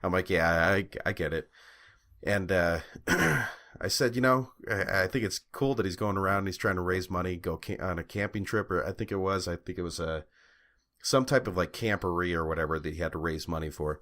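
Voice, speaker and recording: A man's voice: low voice, brisk, a bit bright. A young man co-hosting a podcast, telling a long story in casual chat, full of fillers and swearing. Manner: rambling storytelling with fillers and profanity. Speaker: podcast co-host.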